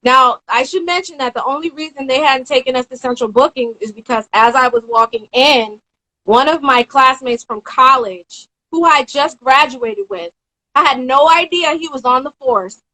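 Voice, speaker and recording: High, bright-voiced young woman telling a story. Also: moderate pace, poor audio. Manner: animated, acts out the voices of people in her story. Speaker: interview guest. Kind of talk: emotional storytelling in a casual live-stream interview. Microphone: phone or video call.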